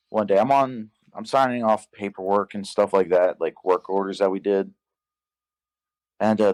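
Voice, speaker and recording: A young man telling a work story in casual podcast chat, profane and animated, acting out the dialogue. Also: fairly low pitch. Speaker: podcast guest.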